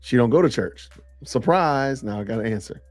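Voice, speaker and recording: A man's voice: fairly low pitch, quick pace, a little mellow, soft background music. A middle-aged man hosting a casual live-stream podcast, chatting loosely and reacting to viewer comments. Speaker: podcast host.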